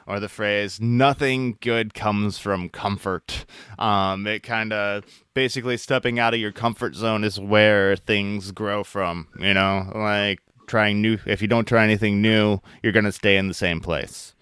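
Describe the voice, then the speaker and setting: Crisp, low-voiced male podcast host. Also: unhurried, dry recording, clean studio sound. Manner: relaxed, friendly, joking. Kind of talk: casual interview and show outro.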